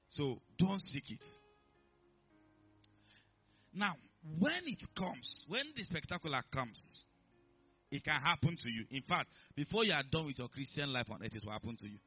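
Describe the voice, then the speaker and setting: A man's voice: mid-range voice, lively intonation, normal speed, long pauses, bright, forceful tone, lo-fi sound, faint music behind. A man preaching a sermon in church, emphatic and repetitive, often asking if listeners are following. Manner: emphatic, repeats himself, checks in with listeners. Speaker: pastor.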